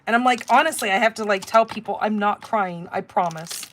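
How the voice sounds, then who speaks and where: A woman's voice: medium pitch, a little fast, slight background noise. A middle-aged woman hosting a live card-making class, chatting casually and rambling into stories with filler words while she works. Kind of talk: casual live crafting demonstration.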